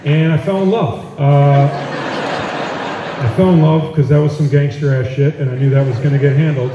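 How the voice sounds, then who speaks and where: Brash comedian in an echoey hall. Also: male voice, a little high, steady tone, normal speed, distant mic, highs cut off, background noise. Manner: brash, profane, punchy delivery. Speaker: stand-up comedian. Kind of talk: stand-up comedy set. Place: large auditorium with audience. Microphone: phone recording from the audience area. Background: audience laughter.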